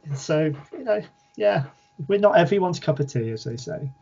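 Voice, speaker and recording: A man with a British English accent, chatting as a podcast guest in a relaxed, self-deprecating way that often trails off softly. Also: fairly high pitch, normal speed, vocal fry, muffled recording. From England. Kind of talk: casual interview chat.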